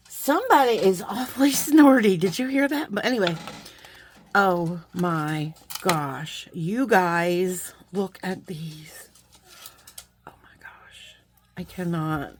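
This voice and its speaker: A woman hosting a beading channel, talking casually through an unboxing with bubbly, excitable asides. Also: mid-range voice, a little hiss or hum.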